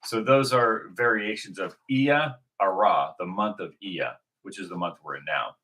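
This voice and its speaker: A man talks through a loose religious monologue with a bright, forceful tone and a lowish voice. He rambles, restarts his sentences and fills pauses with ums and uhs. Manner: rambling, many restarts and fillers. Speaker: video host.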